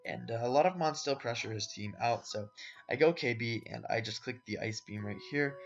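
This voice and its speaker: A man records a relaxed voice-over for his competitive game matches, rambling through plays with plenty of "uh"s and "um"s. His voice sits in an ordinary middle pitch. The audio is muffled and lo-fi, and a plucked guitar tune plays clearly underneath. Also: normal speed. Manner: laid-back, rambling, lots of fillers, addresses viewers as "boys" and "guys". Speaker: competitive Pokémon player commentating his own matches. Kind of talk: casual gameplay commentary voice-over. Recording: dull lo-fi audio with background music. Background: soft guitar background music.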